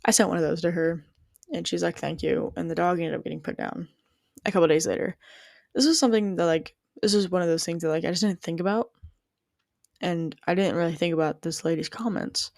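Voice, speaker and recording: A woman's voice: on the low side, fairly quick, gravelly, darkish tone, dry recording, studio quality. A young woman telling a personal story and musing on whether she is a good person, rambling with plenty of "like" and restarts. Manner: rambling, heavy use of "like", frequent restarts.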